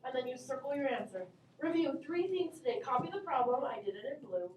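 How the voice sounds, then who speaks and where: Upbeat high-voiced woman teaching a class. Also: animated, fairly quick, a little hiss or hum. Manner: upbeat, encouraging, calls on students by name. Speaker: math teacher. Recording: echoey classroom from far off.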